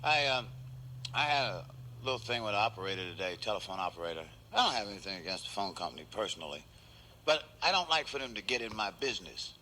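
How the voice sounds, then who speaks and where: A man's voice: fairly low pitch, lively intonation, quick pace, pushed and bright, a little hiss or hum. A man doing a laid-back stand-up routine on a television stage, chuckling at his own jokes. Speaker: stand-up comedian.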